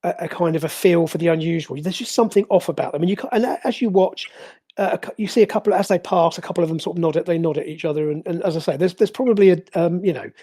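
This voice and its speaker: A game master narrating a tabletop game, pausing often with fillers and restarts. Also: medium pitch, warm tone, husky. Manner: hesitant, many fillers and restarts.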